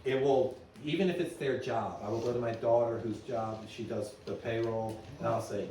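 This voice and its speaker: A middle-aged man giving a conference talk to an audience, telling stories in a lively way and asking the room questions. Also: medium pitch, normal speed, hardly any pauses, a little hiss or hum. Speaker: business owner giving a presentation. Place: meeting room at an annual meeting. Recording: echoey hall, voice from a distance.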